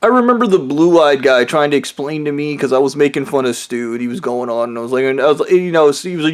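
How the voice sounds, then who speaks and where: Guy ranting on his vlog, swears a lot, bitter and rambly, kinda high voice. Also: fast talker, few pauses. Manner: profane, rambling, bitter and aggrieved. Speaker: vlogger. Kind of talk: ranting monologue.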